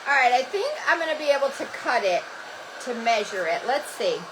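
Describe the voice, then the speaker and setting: A woman hosting a live craft demo, chatting loudly and greeting viewers by name as she works. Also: a little high, big pitch swings, brisk. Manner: says she is talking very loudly. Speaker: craft livestream host. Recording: noisy room with heat gun running. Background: heat gun whirring.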